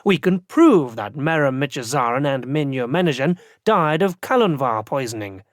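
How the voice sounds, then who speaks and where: A man voicing a cool, commanding woman investigator in an audiobook, measured and dry. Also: mid-range voice, expressive, dry recording, lightly acted. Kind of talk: audiobook character voice.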